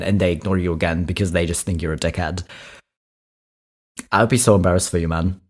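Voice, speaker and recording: A man with a lowish voice reacts to short clips in a relaxed, chatty way. He sounds exasperated and often repeats words for emphasis. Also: quick pace, pauses often. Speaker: reaction video host. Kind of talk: casual commentary on clips.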